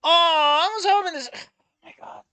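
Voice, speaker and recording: A woman's voice: very high-pitched, normal speed, pushed and bright, dry recording. A woman reacting to a story she is reading, casual and exasperated, swearing often and voicing her frustration. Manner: exasperated, emotional, swears a lot. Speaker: fan fiction reader and reactor.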